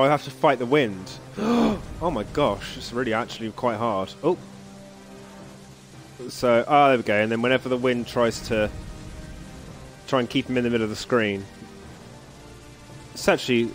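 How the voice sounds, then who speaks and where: Man, game streamer, chatty, laughs a lot, reads story text aloud, faint music behind. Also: mid-range voice. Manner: chatty, often laughing, with frequent ums. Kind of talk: casual gameplay commentary, reading game text aloud.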